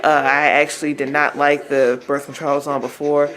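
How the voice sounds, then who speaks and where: Chatty young woman vlogger, lowish voice. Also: flat delivery, a little fast, fairly bright tone. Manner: chatty, laughs often, apologetic asides. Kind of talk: casual vlog storytelling. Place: at home with her baby beside her.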